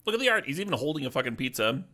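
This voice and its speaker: Gravelly, playful man streaming a game. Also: mid-range voice, rapid-fire. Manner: playful, joking, swears when excited. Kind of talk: casual game commentary.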